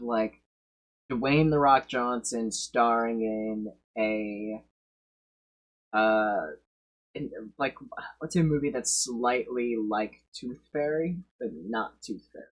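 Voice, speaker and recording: A man streaming and reacting casually, swearing and breaking into loud excited bursts. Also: medium pitch, dull audio.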